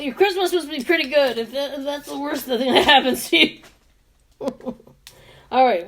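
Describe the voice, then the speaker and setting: A woman in her fifties chatting casually and laughing often while she does her makeup on camera. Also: sits high. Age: 50s. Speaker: beauty vlogger and sales representative.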